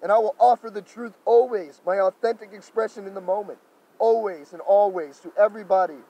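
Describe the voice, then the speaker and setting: Man with a high voice, improvised spiritual monologue, gentle, effusive, slow halting delivery. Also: rough recording. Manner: effusive, repeating thanks and loving affirmations. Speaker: spiritual speaker.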